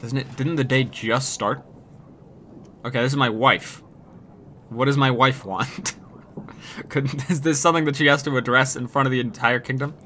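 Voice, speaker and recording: A man's voice: mid-range voice, fairly even intonation, moderate pace, long pauses, bright, forceful tone, a little hiss or hum. A man streaming a game, chatting casually, joking, swearing and reading game text aloud. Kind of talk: casual gameplay commentary.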